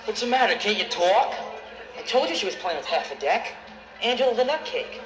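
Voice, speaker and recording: A man's voice: high voice, big pitch swings, fairly quick, reverberant. An actor playing a mocking young male camper bully with a thick New York accent. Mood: taunting. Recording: dull film audio with music behind.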